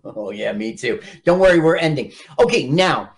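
A man's voice: medium pitch, lively intonation, normal speed. A man co-hosting a casual radio podcast, recapping a movie's plot and acting out its lines. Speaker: podcast co-host. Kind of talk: casual film-review chat.

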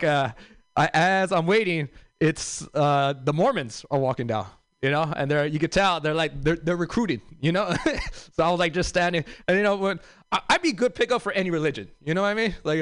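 A man's voice: fairly high pitch, fairly quick, a bit bright, clear, resonant tone, dry recording. A young man from Los doing a stand-up set, with a loose, rambling delivery full of fillers and asides. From South Central Los Angeles. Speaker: stand-up comedian.

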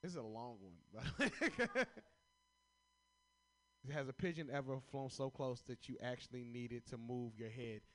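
A man's voice: mid-range voice, lively intonation, normal speed, a bit bright. A young man from Chicago doing stand-up comedy, telling profane stories and laughing at his own jokes as he answers prompts pulled from a hat.

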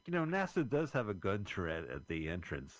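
Wry man giving lively movie commentary. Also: fairly low pitch, fairly quick, dry recording, low-quality recording. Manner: joking, wry running commentary with swearing. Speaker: radio show host. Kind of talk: casual movie-watching commentary.

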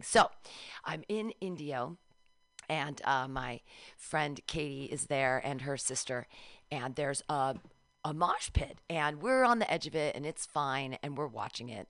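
A woman in her forties co-hosting a radio show, telling a story casually and acting out quotes in a high voice. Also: a bit bright, no room sound. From Southern California. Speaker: radio co-host. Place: radio studio.

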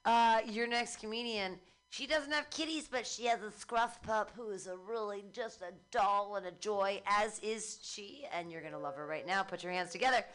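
Bright-voiced woman emcee, cheering. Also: medium pitch, moderate pace, hardly any pauses. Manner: cheering, hypes up the crowd. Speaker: comedy show host. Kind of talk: emceeing, introducing acts.

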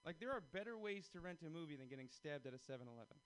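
A young man performs a stand-up comedy set, his voice sitting a little high. He talks animatedly and jumps into other people's lines as he tells his stories. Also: animated, rapid-fire, fairly bright tone, low-quality recording.

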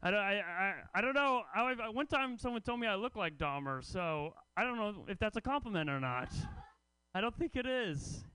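A male stand-up comic with a notably high, smooth, resonant voice. He delivers his set with wry, deadpan asides to the audience. The recording is close and dry. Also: moderate pace, no echo. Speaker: comedy festival host and comic.

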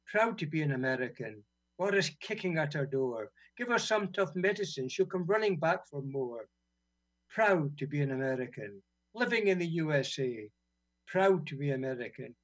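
A man from Britain reading his own poems on community radio, relaxed and wry between blunt, sweary verses. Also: a little high, slightly rough. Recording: dull lo-fi radio sound.

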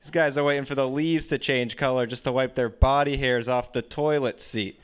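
A young man in his twenties telling casual, deadpan stand-up stories at an open mic. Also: mid-range voice, normal speed, clear, resonant tone. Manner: casual, deadpan storytelling with frequent laughs. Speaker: stand-up comedian. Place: small room with few people. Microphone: stage microphone.

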